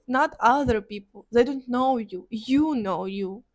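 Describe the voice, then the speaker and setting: A woman vlogger talking earnestly and from the heart in a personal reflective monologue, pausing and restarting as she goes. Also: fairly high pitch.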